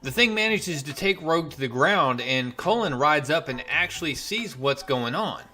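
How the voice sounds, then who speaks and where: A man's voice: a little high, animated, moderate pace, pushed and bright. A man casually retelling a comic issue in a loose, chatty way with plenty of fillers and asides. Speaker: comic book reviewer. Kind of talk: casual spoken recap.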